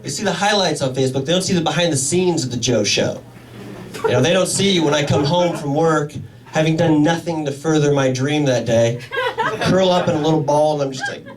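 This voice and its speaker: A young man from Indiana doing a stand-up comedy set in a club, animated and acting out the people in his stories. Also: medium pitch, normal speed, slight background noise. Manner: animated, acts out quoted voices. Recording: live club sound from a distance. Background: audience.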